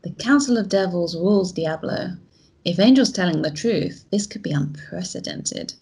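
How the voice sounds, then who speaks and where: Husky woman narrating a text game. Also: lowish voice, animated, darkish tone. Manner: dramatic, measured narration. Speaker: host. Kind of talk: reading a text game aloud.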